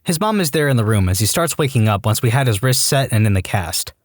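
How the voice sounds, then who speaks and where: A man reading online stories aloud as a narrator, with a deadpan comic delivery. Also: mid-range voice, quick pace, no room sound, studio quality. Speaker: story narrator.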